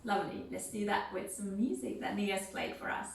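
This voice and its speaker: Gentle woman leading a seated movement class. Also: mid-range voice, fairly even intonation, moderate pace, vocal fry, recorded from a distance, slight background noise. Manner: gentle, counts beats and sings rhythm syllables. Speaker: movement and music instructor. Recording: very echoey room, voice from off-mic, faint music.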